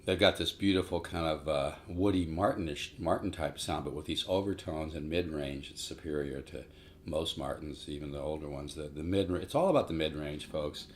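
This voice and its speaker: A man's voice: a bass voice, normal speed, slight background noise. A man in his sixties giving a casual, rambling guitar lesson and calling his viewers "folks". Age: 60s. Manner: rambling, repeats words, addresses "folks". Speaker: guitar teacher. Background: acoustic guitar playing.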